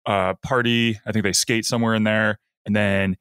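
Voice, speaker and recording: A man co-hosting a podcast, briskly retelling an episode's plot in run-on casual chat. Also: lowish voice, little pitch movement, a bit bright, smooth, dry recording, studio quality. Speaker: podcast co-host.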